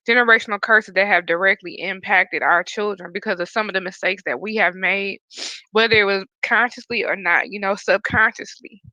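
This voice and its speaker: A woman hosting a podcast, emotional and near tears, speaking in an earnest, halting way on a dull, dry, lo-fi recording. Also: medium pitch, bright, forceful tone, dry recording. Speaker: host. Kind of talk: podcast talk.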